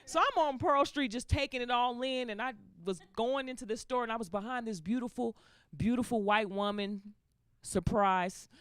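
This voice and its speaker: A woman's voice: a little high, moderate pace, smooth, no room sound. A woman doing a stand-up comedy set, telling stories and acting out the voices of the people in them. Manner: animated storytelling, acts out voices of people in the story.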